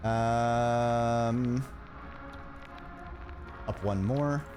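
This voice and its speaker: A man's voice: medium pitch, extremely slow, darkish tone, soft background music. A man streaming a video game, chatting casually and playfully, muttering to himself as he plays. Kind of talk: casual gameplay chat.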